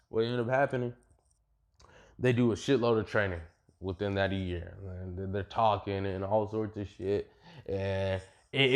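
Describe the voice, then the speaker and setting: A man's voice: mid-range voice, a little mellow. Rambling, slangy young man telling a story. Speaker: fan storyteller. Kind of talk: casual fan what-if retelling.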